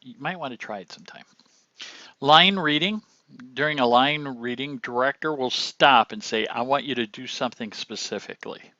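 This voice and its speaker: An older man teaching a class about acting, explaining slowly and acting out lines to show delivery. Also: medium pitch, bright, forceful tone, dry recording, muffled recording. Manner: slow, explanatory, acts out lines to demonstrate delivery.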